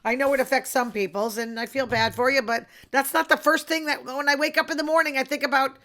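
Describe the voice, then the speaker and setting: A woman's voice: high-pitched, steady tone, quick pace, a bit bright. A woman hosting her own podcast, talking alone in a chatty, opinionated way and dropping into murmured asides. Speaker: podcast host. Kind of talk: casual solo podcast chat.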